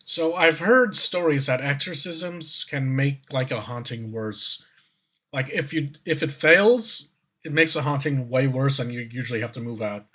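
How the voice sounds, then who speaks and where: A man's voice: medium pitch, measured pace, fairly bright tone. A man streamer giving casual reaction commentary who rambles, swears, and fills his talk with fillers and restarts.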